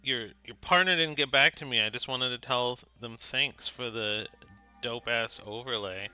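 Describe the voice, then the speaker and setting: Bright-voiced man running the game. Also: medium pitch, moderate pace, clean tone, no echo, faint music behind. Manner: laid-back, chatty, fiddling with the stream setup. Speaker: game master. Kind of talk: casual livestream chat.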